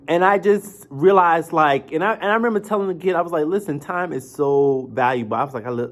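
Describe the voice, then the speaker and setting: A young adult man in a late-night confessional vlog, talking at home in a rambling, emotional way with lots of filler words. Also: on the high side. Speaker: vlogger.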